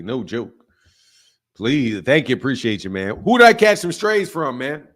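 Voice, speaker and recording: A man hosting a live boxing stream, trash-talking brashly, laughing often and swinging from loud outbursts to low mutters, with speech. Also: very animated, normal speed. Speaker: boxing channel host. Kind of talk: live stream commentary with viewer chat.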